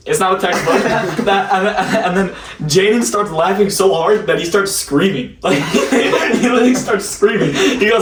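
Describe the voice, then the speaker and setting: Rambling male host, laughs through his stories; a bit high, roomy distant sound. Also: normal speed, hardly any pauses. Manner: rambling storyteller, laughs often. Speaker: podcast host. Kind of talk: casual chat. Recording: echoey room, distant mic, faint noise.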